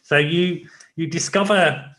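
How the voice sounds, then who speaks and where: A man hosting a conversational interview, thoughtful and trailing off softly at the ends of phrases. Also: on the high side, slow, rough recording. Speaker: host.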